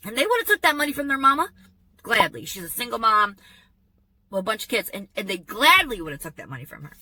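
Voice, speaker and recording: A woman telling a personal story in a vlog, in an animated, emphatic storytelling manner. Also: a little high, fast talker, a little hiss or hum, low-quality recording. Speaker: vlogger.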